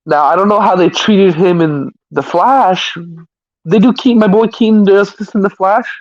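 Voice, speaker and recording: A man's voice: sits high, normal speed, dull audio. A man hosting a live stream, chatting casually about movies in a rambling way, often stammering and restarting.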